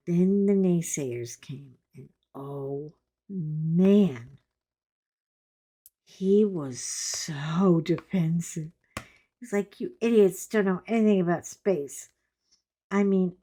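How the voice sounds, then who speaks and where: A middle-aged woman talks to her viewers at an unhurried, drawn-out pace while she works on a coloring page. She rambles from story to story with a joking aside here and there. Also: on the low side, warm tone. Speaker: coloring vlogger. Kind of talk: casual chat while coloring.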